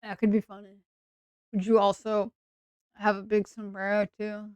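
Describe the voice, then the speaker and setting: A woman's voice: mid-range voice, flat delivery, darkish tone, clean tone, dry recording. A woman with an English accent, chatting sarcastically and playfully on a role-play stream. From England. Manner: sarcastic and playful, quick asides.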